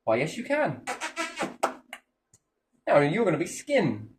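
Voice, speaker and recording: Lively man talking off-mic. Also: fairly high pitch, slow pace, pauses often, far from the mic, slight background noise. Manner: animated, jumps between topics, swears freely. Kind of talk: rambling casual chat.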